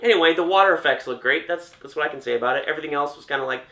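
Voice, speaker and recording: A young man runs through a list of game announcements in a loose, joking way, his voice bright and slightly high for a man. The room around him rings with a noticeable echo. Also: very fast. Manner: chatty, jokey, trailing off with restarts. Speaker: gaming commentator. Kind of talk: casual reaction commentary. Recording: roomy echo.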